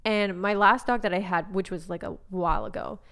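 A young woman co-hosting a podcast in a relaxed, casual chat. She talks in a chatty, giggly way and breaks into little voices for the people in her stories. Her pitch sits in an ordinary middle range. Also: brisk. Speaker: podcast co-host.

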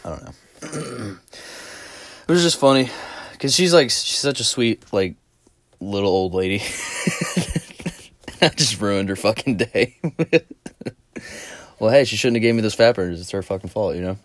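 Low-voiced man telling a profane story. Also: expressive, measured pace, pauses often, dry recording. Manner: profane, rambling, laughs through the story. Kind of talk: casual storytelling vlog.

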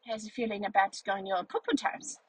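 A woman voicing a cheerful, chatty young female schnauzer dog, telling a story with a childlike, rambling, playful manner and a breathy voice. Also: mid-range voice, a little fast, no echo, natural voice, low-quality recording. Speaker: vlog narrator in character. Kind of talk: storytelling in character.

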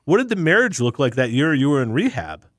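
A male interviewer with a mid-range voice keeps the conversation moving. He responds briefly and prompts with quick follow-up questions. His voice sounds dry, with no room echo. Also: mid-range voice, big pitch swings.

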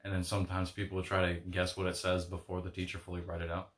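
A young man co-hosting a rowdy casual chat, teasing and quick to laugh. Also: deep voice, completely flat delivery. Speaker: podcast co-host.

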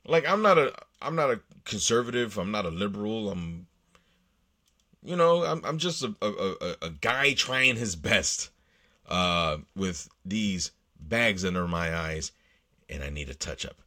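A man's voice: lowish voice, lively intonation, unhurried, bright, forceful tone. Rambling, profane man talking solo. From United States. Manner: rambling, profane, with frequent restarts. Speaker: podcast host. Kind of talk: casual solo monologue.

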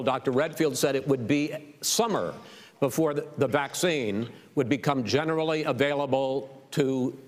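A man moderating a televised debate, measured and firm, pressing with pointed questions. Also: medium pitch. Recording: reverberant debate hall.

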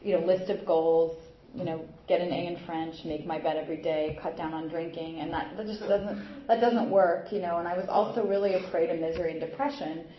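A woman's voice: lowish voice, fairly even intonation, fairly quick. A young adult woman giving a personal recovery talk at a meeting, rambling with many fillers and restarts. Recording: muffled echoey room recording.

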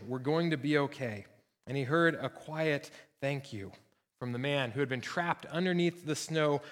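A man's voice: on the high side, long reverb tail. A man preaching a sermon as pastor, telling a story in an earnest, engaged way to his congregation. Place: church sanctuary.

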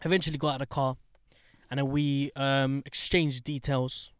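A young man telling a story in casual chat, animated, swearing and getting heated as he talks. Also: moderate pace, clean tone, dry recording, clean studio sound. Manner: animated storyteller, swears, gets heated and high when indignant.

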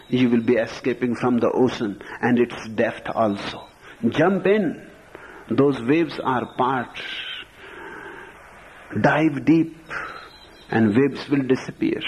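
A man giving a spiritual discourse to followers, speaking slowly with deliberate, emphatic pauses. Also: mid-range voice, a little mellow. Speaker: spiritual teacher. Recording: muffled lo-fi recording, faint hiss.

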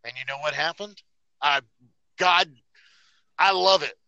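A man rants his way through a story on a casual podcast, swearing freely. His voice is very bright and a little high, and the recording is dry and close. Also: measured pace, no room sound, highs cut off. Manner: profane, ranting storyteller. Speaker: podcast host.

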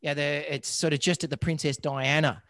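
A man's voice: a little high, little pitch movement, normal speed, fairly bright tone, no echo. An Australian man, a vet and podcast co-host, telling rambling stories with lots of restarts. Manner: rambling, stammering storyteller. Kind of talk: casual chat.

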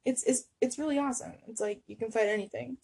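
A woman's voice: fairly high pitch, fast talker, gravelly, dark tone, husky. A young woman co-hosting a casual podcast, rambling with lots of filler words. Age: young adult. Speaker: podcast co-host.

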